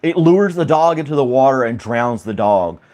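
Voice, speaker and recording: A man's voice: medium pitch, lively intonation, normal speed, darkish tone. Man, casual stream host, chatty, rambling, laughs often. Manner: laughs often, rambling, asks chat questions. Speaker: livestream host reading chat. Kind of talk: casual chat with viewers.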